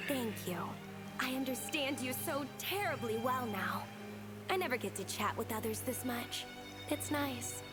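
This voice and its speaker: An actress playing a friendly, encouraging woman at an academy, gently playful in a video game. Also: a little high, a little slow, lightly acted. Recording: game dialogue over music.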